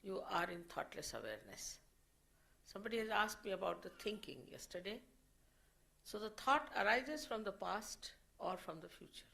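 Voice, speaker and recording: A woman speaking as a spiritual teacher, giving an unscripted lecture in a slow, measured way and often repeating her phrases. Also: medium pitch, big pitch swings, vocal fry, bright, forceful tone, low-quality recording.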